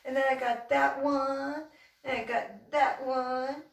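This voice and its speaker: A woman's voice: high-pitched, flat delivery, takes it slowly, gravelly. A woman chatting casually as host, playful and teasing, laughing often. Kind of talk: casual chat. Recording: roomy echo, far from mic.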